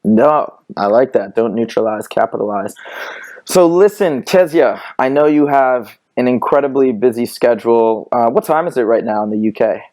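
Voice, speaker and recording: Energetic male podcast host. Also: medium pitch, moderate pace. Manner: energetic, emphatic with repeated interjections. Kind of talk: podcast interview. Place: Los Angeles studio.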